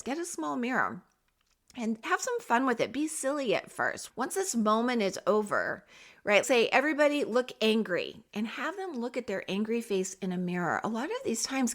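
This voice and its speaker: A middle-aged woman talking parents through advice on a podcast. She speaks directly to the listener with an encouraging, coaching manner. Her voice sits at an ordinary pitch. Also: fairly bright tone. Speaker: podcast host.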